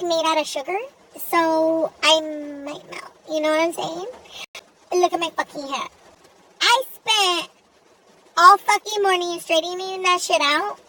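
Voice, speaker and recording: A young woman voicing a sassy, foul-mouthed young woman in an animated gacha video, ranting in an exasperated, profane way. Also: very high voice, far from the mic, slight background noise, heavily acted. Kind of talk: comedic rant monologue.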